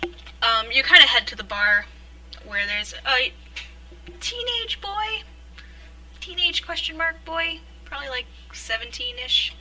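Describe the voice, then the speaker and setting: A woman with a very bright, slightly high voice narrates a tabletop game as game master. She talks in a relaxed way, full of ums and small hesitations. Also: slow, long pauses, low-quality recording. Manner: relaxed, hesitant with fillers and frequent laughs.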